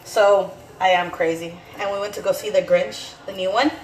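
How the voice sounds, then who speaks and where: A woman in her thirties, a mother vlogging at home in a casual, animated chat, slipping in Spanish phrases now and then. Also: mid-range voice, normal speed, reverberant, rough recording.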